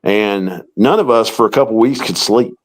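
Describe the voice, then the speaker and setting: A middle-aged paranormal investigator, his voice on the low side and his pace moderate, tells a long story in an interview, acting out the quoted dialogue. The recording quality is low.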